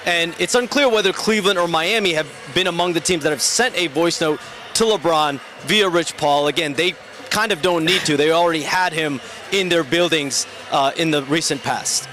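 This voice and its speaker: A man delivering a measured sports news report in a steady, informed tone. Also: on the high side, slight background noise.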